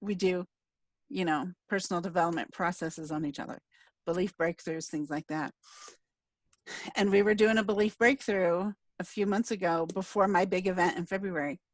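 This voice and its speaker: A woman's voice: lowish voice, fairly even intonation, moderate pace, no room sound. A middle-aged woman speaking in an earnest, emotional way as she hosts a casual interview. Her voice is plain and close, with a very dry sound and no room around it. She tells her story openly. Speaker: podcast host and speaker.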